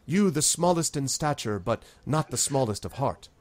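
A man's voice: mid-range voice, animated, moderate pace, pitched above the performer's own voice, close to an everyday voice. A man voicing a formal, dignified woman who leads a town, speaking in a stately, ceremonious way.

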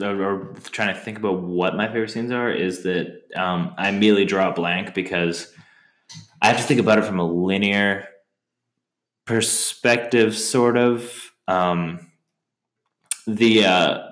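A man co-hosting a film podcast, chatting casually and haltingly, often breaking into high-pitched impressions of movie lines. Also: a bit bright, echoey room. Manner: rambling, hesitant, acts out movie lines in high voices. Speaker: podcast co-host.

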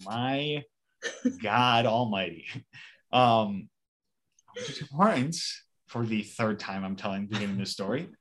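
A man's voice: on the low side, expressive, a little slow, pauses often, fairly bright tone. A man co-hosting a podcast in casual chat, telling a rambling everyday story with some swearing. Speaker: podcast co-host.

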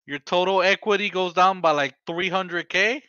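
A man co-hosting a casual podcast, excitable and swearing casually. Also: high voice, normal speed, clean tone, no room sound. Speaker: podcast co-host. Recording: dry, dull lo-fi sound.

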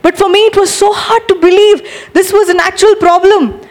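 A woman preaching a sermon to a congregation, energetic and urging, acting out animated demonstrations. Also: very high-pitched, normal speed.

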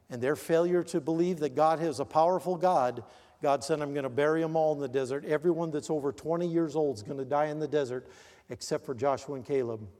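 An older male pastor preaching with a high-pitched voice, driving home words loudly and then dropping low and quiet. His sermon rings with a long reverb in a church sanctuary. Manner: emphatic preaching, swings between loud stressed words and low quiet asides.

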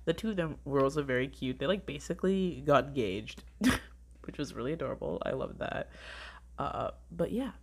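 A woman's voice: a bass voice, animated, moderate pace, creaky. A woman rambling through a casual weekly review of her shows, gushing, swearing freely and saying "like" a lot. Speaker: drama reviewer.

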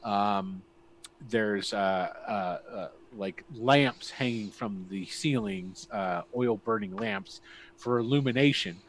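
A man's voice: on the low side, slow pace, slight background noise. A man narrating a tabletop role-playing game as game master, rambling with many fillers and restarts.

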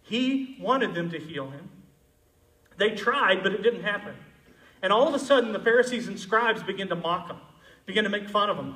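A male pastor preaching a sermon, moving between loud, emphatic passages and quiet, intimate ones. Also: sits high, a little fast, roomy sound, distant mic, rough recording.

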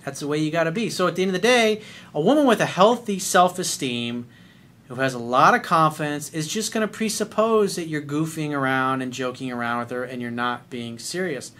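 A middle-aged man giving blunt, profane dating advice in an animated monologue. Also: a little high, brisk. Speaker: dating coach.

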